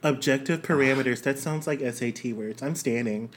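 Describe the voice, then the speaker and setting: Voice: mid-range voice, brisk, a little hiss or hum. A podcast co-host in casual chat, playful and teasing, often stumbling and restarting.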